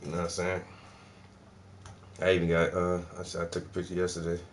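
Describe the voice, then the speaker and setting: A man's voice: sits low, completely flat delivery, brisk, a little hiss or hum. Laid-back profane man from South Carolina. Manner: loose, profane, laughing slang talk. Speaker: vlogger. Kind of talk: casual vlog chat. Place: indoors at home.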